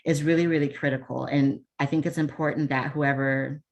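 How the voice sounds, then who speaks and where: A woman's voice: sits low, fairly even intonation, a little fast, a little mellow, highs cut off. A woman presenting a leadership webinar over a video call, talking casually with many ums and restarts and self-deprecating asides. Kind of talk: casual online workshop talk.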